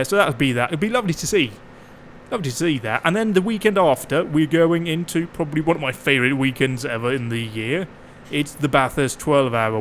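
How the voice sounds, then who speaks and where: A man's voice: medium pitch, fairly bright tone, a little hiss or hum. A man chatting casually and jokingly while playing a farming game, swearing freely. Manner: chatty, jokey, swears freely, puts on quick mock voices. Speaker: gameplay streamer.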